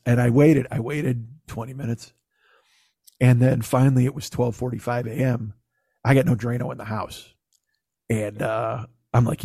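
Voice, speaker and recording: Husky man telling a rambling, profane story. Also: medium pitch, normal speed, dark tone, dry recording, clean studio sound. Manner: profane, rambling, self-mocking. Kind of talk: casual storytelling chat.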